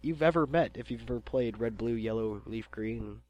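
A young man co-hosting a casual podcast, deadpan and often restarting his sentences. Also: mid-range voice, normal speed, dull audio. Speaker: podcast co-host. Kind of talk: casual chat.

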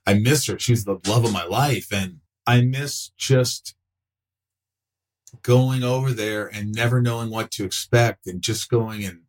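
A man in his fifties, a guest on a chat show, telling stories in a lively way, acting out quoted voices and swearing freely. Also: lowish voice, measured pace. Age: 50s. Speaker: actor and podcast guest. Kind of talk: casual interview chat.

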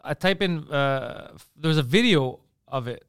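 A man co-hosting a casual podcast, teasing and steering the chat. His voice is smooth and clear, pitched a little high, and recorded dry and close. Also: expressive, moderate pace, no echo. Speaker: podcast co-host.

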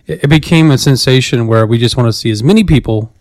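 A man co-hosting a relaxed chat, with an easygoing, teasing manner and a mid-range voice. His lines sound close and dry, with no reverb around them. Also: mid-range voice, fast. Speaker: co-host. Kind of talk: casual chat.

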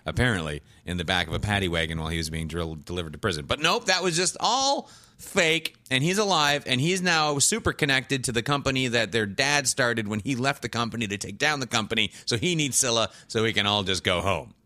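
A man recapping a TV show in casual chat, rambling and acting out characters in quick asides. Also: medium pitch, sharp tone, no echo.

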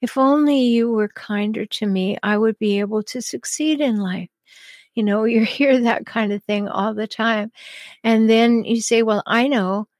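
A woman hosting an advice podcast, answering listener questions in a calm, chatty way with frequent ums and small laughs. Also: a little high, a little slow, no echo. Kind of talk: advice talk show.

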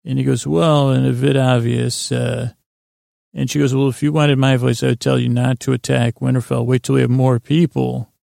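A man with a heavily creaky, gravelly voice retells an episode in a rambling, unhurried way. His delivery stays flat and even, and he trails off into fillers as he goes. The sound is close and dry, with no room around it. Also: mid-range voice, no room sound. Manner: meandering, loose retelling with many fillers. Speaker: podcast host. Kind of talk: rambling bedtime episode recap.

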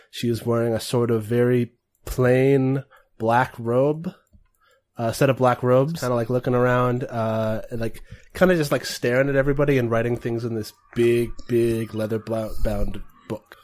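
A man's voice: mid-range voice, little pitch movement, normal speed, a little mellow. A man acting as game master, describing characters in an easygoing, rambling way with many fillers. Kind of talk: narrating a tabletop game.

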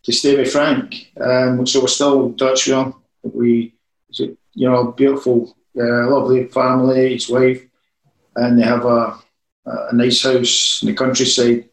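Man, former football boss, anecdotal talker, average pitch, roomy sound. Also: little pitch movement, unhurried, vocal fry. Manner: anecdotal, rambling storyteller. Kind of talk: casual interview chat.

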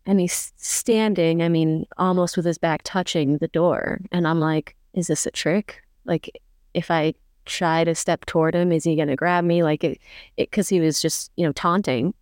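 A woman guest on a podcast telling a personal story in a fast, urgent way, often quoting herself and others. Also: deep voice, fairly even intonation, a little mellow, clean tone, no room sound, clean studio sound. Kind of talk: emotional personal story in conversation.

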